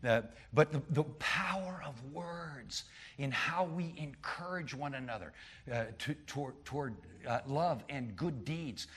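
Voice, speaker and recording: Preaching man with big loud-soft swings. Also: expressive, normal speed, slightly rough. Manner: swings from loud emphatic peaks to quiet low asides; frequent restarts and repeated words. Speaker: pastor. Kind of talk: sermon.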